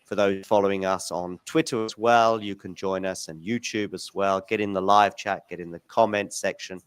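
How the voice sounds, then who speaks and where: A man's voice: deep voice, fairly even intonation, moderate pace, clear, resonant tone, dry recording. A man hosting a tennis interview show, chatting in a friendly, informal way with his guest. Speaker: podcast host. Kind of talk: casual interview chat.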